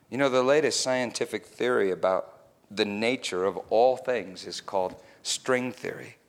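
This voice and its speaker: A man preaching a sermon, moving between quiet reflection and excited, animated storytelling. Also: fairly low pitch. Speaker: pastor.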